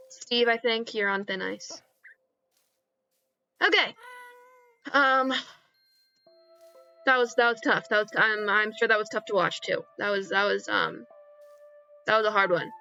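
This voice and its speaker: A young woman streaming a game, keeping up an excitable, self-mocking running commentary as she plays. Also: medium pitch, creaky, muffled recording. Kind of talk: casual live-stream chatter while gaming.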